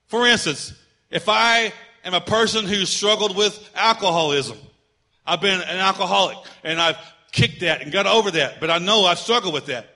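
A middle-aged male pastor preaching a sermon conversationally, telling humorous personal stories and swinging between loud emphasis and quiet asides. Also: sits high, normal speed.

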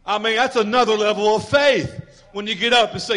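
High-voiced preaching man. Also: steady tone, brisk, pushed and bright. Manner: preaching with rising volume and emphatic declarations; acts out quoted voices, dropping to a near whisper. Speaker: pastor. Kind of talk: sermon.

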